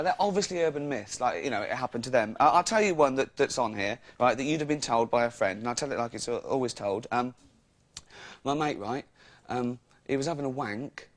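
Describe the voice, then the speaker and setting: A man, a comedian rambling through jokes and laughing at his own lines. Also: medium pitch. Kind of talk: stand-up style comic monologue.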